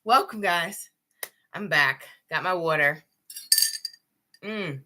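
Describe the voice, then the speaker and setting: Young woman doing a live tarot stream, chatty and giggly, lowish voice. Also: takes it slowly, pushed and bright. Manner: chatty, addresses viewers directly, laughs often. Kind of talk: casual live-stream chat.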